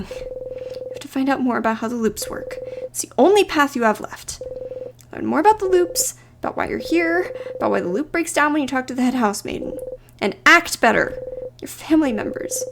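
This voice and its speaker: A woman streamer narrating a game playthrough aloud in an expressive way, shifting between hushed and loud. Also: high voice, fairly quick, creaky, background noise.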